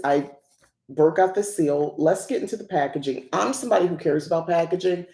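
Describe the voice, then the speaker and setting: A woman's voice: lowish voice, fairly quick, dark tone, echoey room. A woman hosting a casual unboxing chat who rambles and laughs often. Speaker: host.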